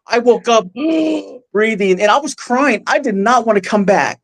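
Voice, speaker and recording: Male guest, heartfelt and halting storyteller with plenty of restarts, speaking close into a podcast mic. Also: very high-pitched, expressive, gravelly, fairly bright tone. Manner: halting, full of restarts and fillers; earnest and emotional. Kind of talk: casual personal storytelling.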